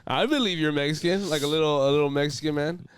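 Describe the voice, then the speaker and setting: A man's voice: a little high, quick pace, clean tone. A young man co-hosting a podcast, casual chat full of crude joking banter. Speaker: podcast co-host.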